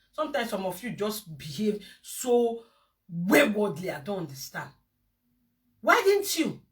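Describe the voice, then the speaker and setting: Nigerian woman ranting on her vlog, sharp bright voice, sounds far from the mic. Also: fairly high pitch. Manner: scolding, heated, mixes Pidgin and Yoruba phrases. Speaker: vlogger. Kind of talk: ranting video monologue. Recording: distant from the mic.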